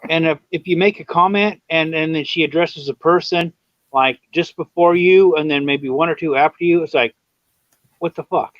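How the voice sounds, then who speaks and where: Rambling higher-pitched man, dull dry sound. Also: fairly even intonation, normal speed, no echo. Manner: rambling, swears freely. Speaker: live stream guest. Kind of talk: casual chat.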